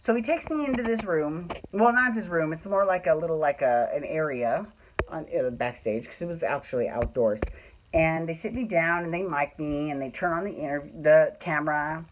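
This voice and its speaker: A man's voice: fairly high pitch, normal speed, lo-fi sound, a little hiss or hum. A man telling a personal story in a casual, chatty way, swearing freely and acting out what people said. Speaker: storyteller host.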